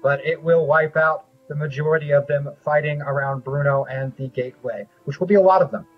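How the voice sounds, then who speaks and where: A man narrating as game master, describing scenes and rulings in a measured way with frequent pauses. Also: on the high side, faint music behind. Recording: dull lo-fi audio.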